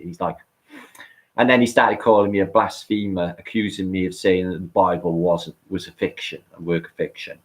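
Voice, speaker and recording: A man with a very deep voice and a British accent rambles through a casual livestream chat. He swears freely and keeps restarting his sentences. He sounds excitable throughout. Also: fairly quick. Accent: British English. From England. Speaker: online show co-host.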